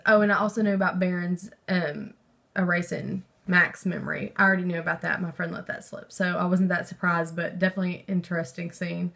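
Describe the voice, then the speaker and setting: A young woman vlogger talking about a book in a casual, rambling way, excitable, with lots of fillers and swearing. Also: lowish voice. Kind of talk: casual book review chat.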